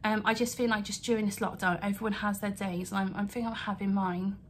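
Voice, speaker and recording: A woman's voice: mid-range voice, steady tone, fast, a little hiss or hum. A young adult woman speaking earnestly to camera from her home, rambling and apologetic as she talks through her feelings. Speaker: vlogger. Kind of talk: emotional vlog rant to camera. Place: home, indoors.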